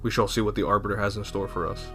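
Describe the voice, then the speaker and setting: A man voicing a remorseful robot that speaks gravely and formally, over faint music. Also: on the low side, steady tone, rapid-fire, lightly acted. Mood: solemn.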